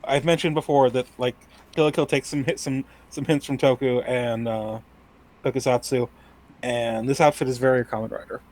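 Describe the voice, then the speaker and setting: A man co-hosting a podcast, chatting casually in a hesitant, halting way with many fillers. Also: medium pitch, fairly even intonation, a little mellow. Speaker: podcast co-host. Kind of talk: casual chat.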